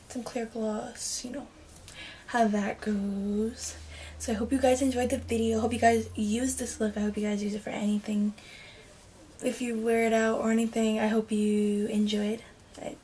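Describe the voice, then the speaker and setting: A chatty woman beauty vlogger talks through her makeup step by step in a fairly high voice. She rambles and now and then drops into soft muttered asides. A faint hiss sits under her voice. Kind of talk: casual makeup tutorial.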